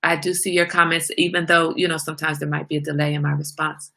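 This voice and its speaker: Gravelly, bright-voiced chatty woman host. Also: low voice, flat delivery, fast talker. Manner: chatty, talks straight to viewers. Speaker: livestream host. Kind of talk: casual livestream chat.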